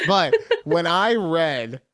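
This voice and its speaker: A man's voice: a little high, wildly swooping pitch, extremely slow, creaky, a bit bright, no room sound. A man co-hosts a casual podcast chat and reads horoscopes aloud. He plays things up for laughs and swears freely. His voice is dry and close to the mic. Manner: joking, mock-dramatic, swears freely. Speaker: podcast co-host.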